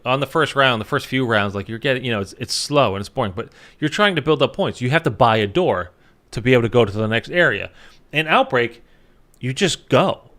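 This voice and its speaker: Man, gaming youtuber, tired, rambling, fillers, swears, average pitch. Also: fairly bright tone. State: sleepy, short on sleep. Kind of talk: casual commentary to viewers.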